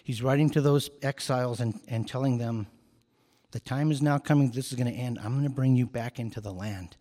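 A man's voice: medium pitch, a little fast, dark tone, in a large hall. A man preaching a sermon as a pastor, earnest and emphatic, repeating key phrases for emphasis.

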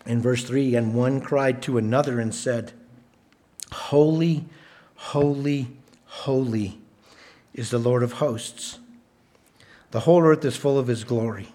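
A man preaching a sermon, stressing points by repeating words, with a measured, emphatic delivery. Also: mid-range voice, steady tone, mellow. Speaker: pastor.

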